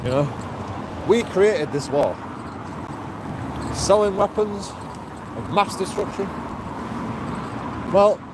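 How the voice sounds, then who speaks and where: A man's voice: sits high, expressive, slow, long pauses. A man rambling profanely to his camera outdoors, laughing to himself now and then, with traffic behind him. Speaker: street video blogger. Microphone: handheld camera. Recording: street ambience and traffic noise.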